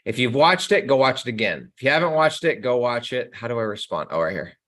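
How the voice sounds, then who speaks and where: A young adult man hosting a casual live Q&A stream, answering chat questions with energetic, slangy talk aimed straight at his viewers. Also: medium pitch, fairly quick.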